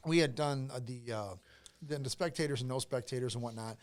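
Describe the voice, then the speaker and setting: A man's voice: medium pitch, a little fast, a little hiss or hum. A man as a podcast guest, telling a long casual story with lots of fillers, restarts and swearing.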